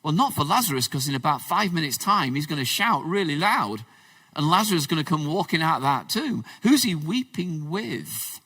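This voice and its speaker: A man preaching a conversational sermon, swinging between loud emphasis and hushed, low passages. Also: big pitch swings, moderate pace, breathy edge, no room sound, recorded from a distance. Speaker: pastor. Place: church.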